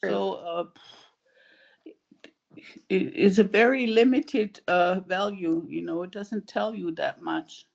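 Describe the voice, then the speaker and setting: A woman's voice: mid-range voice, slow, gravelly, pauses often, darkish tone, highs cut off. A woman talking thoughtfully and asking questions, with many fillers, in an online support group. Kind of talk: casual video call chat. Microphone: video call.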